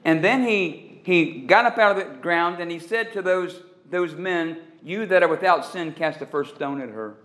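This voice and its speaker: A preacher with dramatic pauses in an echoey room. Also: male voice, high-pitched, a bit bright. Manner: dramatic pauses, stretching key words for emphasis. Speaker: pastor. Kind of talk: sermon.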